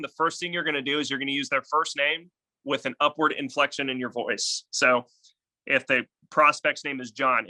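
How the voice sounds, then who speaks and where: A man coaching real estate agents on cold calls in a casual, energetic and blunt way, sometimes swearing. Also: mid-range voice. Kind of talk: casual sales training talk.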